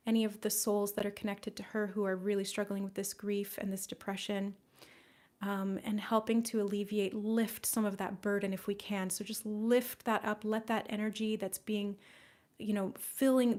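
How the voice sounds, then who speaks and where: A young woman hosts a live psychic stream in a gentle, soft-spoken way. She guides the listeners through a group healing and thanks them by name with effusive warmth. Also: medium pitch. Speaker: psychic medium hosting a live session.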